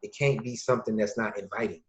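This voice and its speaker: A man from Illinois, a podcast guest and youth mentor, talking casually and acting out quoted dialogue with lively changes of voice. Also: lowish voice, quick pace. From Lake County, Illinois, USA. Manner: lively storyteller who acts out quoted dialogue. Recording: dull lo-fi recording.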